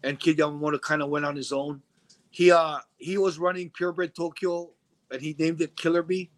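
A middle-aged man telling a story in a casual interview, animated and acting out the voices of the people he quotes. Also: fairly high pitch, moderate pace. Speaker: interview guest.

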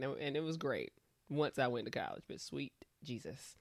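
A woman's voice: very deep voice, sing-song, moderate pace, creaky, no room sound. A young adult woman co-hosting a podcast, telling salty, laughing stories in casual chat. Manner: salty, laughing, profane storyteller. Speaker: podcast co-host.

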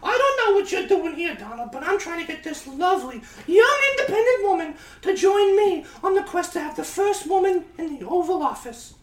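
A man in falsetto doing an impression of a female presidential candidate with a New Jersey accent. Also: very animated, a little fast, few pauses, echoey room. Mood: shrill. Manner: shrieking, falsetto.

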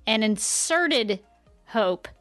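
Lively woman podcast host. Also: on the high side, drawn-out words, no room sound, faint music behind. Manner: lively, asks the questions. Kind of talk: casual fan podcast chat.

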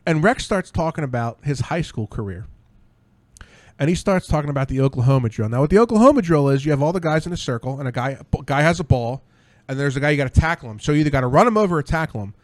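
A tipsy man hosting a podcast. He tells rambling, excitable stories and swears freely. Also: on the high side, quick pace, no echo. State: tipsy from drinks. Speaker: podcast host. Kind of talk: casual podcast chat.

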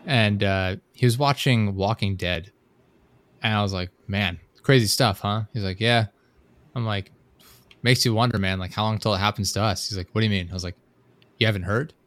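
Low-ish guy hosting a podcast, rambles and restarts a lot, dead dry mic. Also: normal speed, fairly bright tone, dry recording. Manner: rambling, laughing storyteller with many restarts. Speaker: podcast host. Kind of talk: casual chat.

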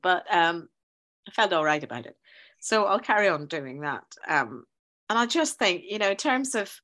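A woman's voice: lowish voice, pushed and bright. Woman, middle-aged, teacher, casual storytelling, chatty. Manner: chatty storyteller, laughs often, acts out quoted voices. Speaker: guest teacher. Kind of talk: casual chat.

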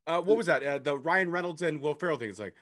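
Fast-talking joking male host. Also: a little high, lively intonation, a bit bright. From Ontario, Canada. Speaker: podcast host. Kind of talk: casual interview chat.

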